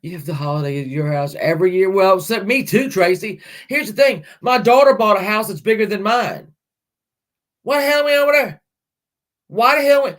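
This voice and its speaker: A middle-aged woman hosting a livestream, chatting casually with viewers in a rambling way, laughing often and swearing lightly. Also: on the low side. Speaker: livestream host.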